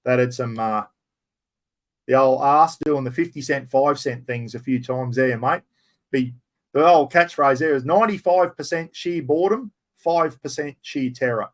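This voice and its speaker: A middle-aged Australian man hosting a casual live stream, answering viewer questions in a blunt, rough-spoken, matey way. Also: medium pitch, moderate pace.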